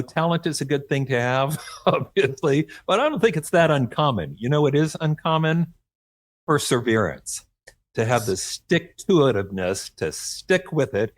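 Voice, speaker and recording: A man's voice: mid-range voice, dry recording. A man from Oklahoma, an author talking as a guest in a radio interview, earnest and encouraging, with frequent light laughs. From Oklahoma, USA.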